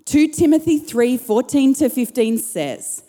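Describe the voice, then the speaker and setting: A woman's voice: high-pitched, unhurried, warm tone. A woman pastor preaching a sermon with passionate, rising emphasis in a church. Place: church auditorium. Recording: long hall reverb.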